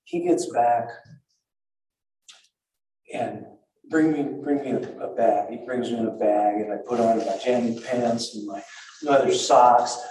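Older man, halting, booming echo. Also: a little mellow. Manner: halting and breathless, with frequent restarts and repeats. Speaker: survivor telling his story. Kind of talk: spoken first-person recollection. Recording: very echoey and far from the mic.

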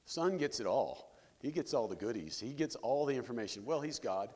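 A man's voice: medium pitch, animated, brisk, mellow, in a large hall. A male pastor giving a sermon in a conversational preaching style, asking his listeners rhetorical questions.

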